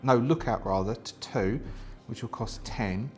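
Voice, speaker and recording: A man of ordinary pitch hosts a solo tabletop game and talks it through casually. He reads the rules aloud and weighs his choices as he goes, restarting often. Faint music plays underneath. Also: measured pace, darkish tone. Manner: chatty, thinks aloud with many fillers and restarts.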